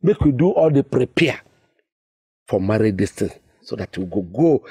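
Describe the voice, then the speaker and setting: An actor with a Nigerian accent playing an excitable, scheming middle-aged village father, theatrical and full of exclamations. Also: on the low side, normal speed, slightly rough, full character voice. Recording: film dialogue.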